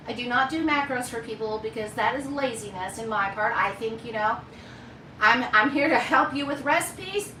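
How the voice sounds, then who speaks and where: A woman's voice: on the high side, pushed and bright, echoey room, far from the mic, a little hiss or hum, low-quality recording. A woman hosting a live cooking demonstration, chatty and folksy as she talks straight to her viewers from her home kitchen. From United States. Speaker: cooking show host.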